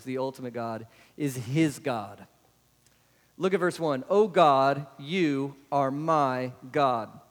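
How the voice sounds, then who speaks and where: A man preaching a sermon to a congregation. He keeps asking them rhetorical questions. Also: medium pitch. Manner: asks the congregation many rhetorical questions, adds "right?". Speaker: pastor. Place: church sanctuary. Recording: long hall reverb.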